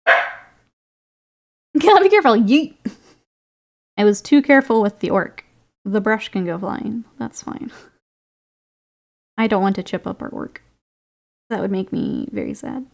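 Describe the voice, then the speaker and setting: A woman's voice: mid-range voice, normal speed, vocal fry, long pauses. A woman streaming while painting miniatures, chatting casually with viewers, reading their comments and laughing often. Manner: chatty, laughs often, reads and answers chat.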